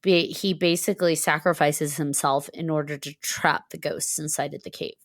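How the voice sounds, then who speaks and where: A woman's voice: low voice, fairly even intonation, normal speed, no echo, studio quality. A woman co-hosting a casual book-discussion podcast, retelling the story animatedly, acting out characters' lines and laughing often. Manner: laughs often between phrases. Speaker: podcast co-host.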